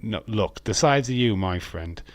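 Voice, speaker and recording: A man's voice: fairly low pitch, expressive, measured pace. A man hosting a casual live stream, chatting loosely, laughing often and answering viewers' comments. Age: adult with children.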